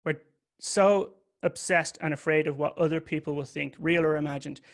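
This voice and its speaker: A man's voice: fairly high pitch, steady tone, moderate pace. A man giving a candid, confessional talk that mixes a personal story with occasional swearing. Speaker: public speaker.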